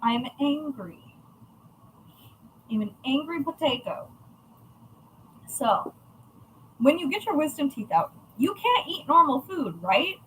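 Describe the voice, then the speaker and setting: A woman's voice: high voice, sing-song, slow, long pauses, fairly bright tone, a little hiss or hum, rough recording. A woman chatting casually on a livestream about her craft shop, chatty, profane and self-mocking.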